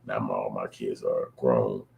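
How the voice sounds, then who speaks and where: A man's voice: a bass voice, fairly even intonation, unhurried, gravelly, a little mellow, slight background noise. A middle-aged man hosting his own channel, giving loose, rambling, slangy reaction commentary. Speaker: channel host.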